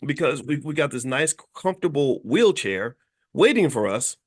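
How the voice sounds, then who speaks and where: A man from Kentucky, USA hosts a podcast and offers passionate social commentary at a moderate pace. His medium-pitched voice swings widely in pitch, and he speaks emphatically with many restarts and repeated words.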